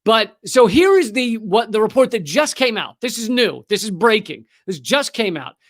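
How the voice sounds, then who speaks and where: A man's voice: sits high, very animated, moderate pace, a bit bright. A man hosting a comedic political news show, ranting with sarcasm and profanity, full of restarts.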